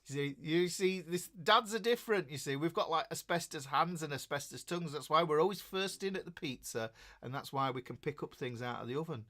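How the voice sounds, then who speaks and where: Brisk and a touch high, with a bit of brightness, this middle-aged man's Yorkshire-accented voice carries his relaxed guitar livestream. He jokes, rambles, and calls out to viewers by name.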